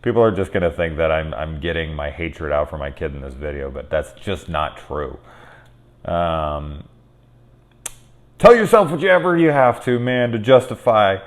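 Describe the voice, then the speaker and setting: A man in his thirties talks through a horror film in a casual, unscripted review. His voice sits very low. He swears often and swings from soft, reflective asides to loud, worked-up outbursts. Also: normal speed. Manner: candid and profane, swinging from quiet musing to loud exasperated outbursts.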